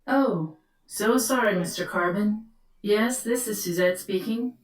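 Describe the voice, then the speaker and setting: A woman voicing a sly, rough-talking low-city mother in a video game, falsely polite and defensive. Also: a little slow, reverberant, recorded from a distance, natural voice, low-quality recording. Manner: falsely polite, then cursing and yelling.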